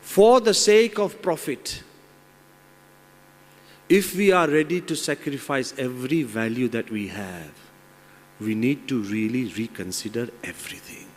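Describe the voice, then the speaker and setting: A monk giving an inspirational moral talk, animated as he tells a fable. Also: mid-range voice, a little slow. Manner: animated storyteller. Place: large seminar hall. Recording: long reverb in large hall.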